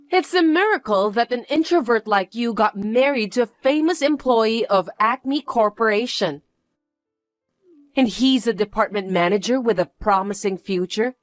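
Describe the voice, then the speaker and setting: Casting: a woman doing a shrill, boastful young stepsister, lively swoops, slow delivery, dry close sound. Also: no echo, lightly acted. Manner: high, smug and demanding. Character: bratty vain young stepsister, boastful and rude.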